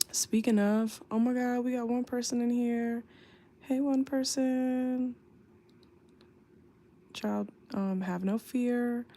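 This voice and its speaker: A young woman livestreaming from home on her phone late at night, tired and in back pain, chatting slowly with many fillers. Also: on the high side, creaky, dark tone. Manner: slow, tired, drawling talk with lots of fillers. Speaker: flight attendant livestreamer. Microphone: phone mic, off screen.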